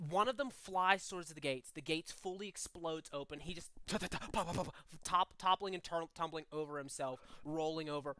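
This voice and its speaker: A man's voice: fairly high pitch, sharp tone, clean tone. Rambling young man running a tabletop game. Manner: rambling, hesitant, many fillers. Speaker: game master.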